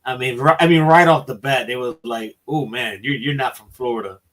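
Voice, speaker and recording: A man from Philadelphia hosting a casual livestream chat, easygoing and quick to laugh. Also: medium pitch, fairly bright tone. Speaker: show host.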